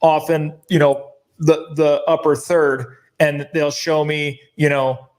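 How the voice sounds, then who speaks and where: A man's voice: on the high side, flat delivery, slow pace, darkish tone. A man co-hosting a talk show, talking heatedly and indignantly, mimicking newscasters and swearing now and then. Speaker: co-host.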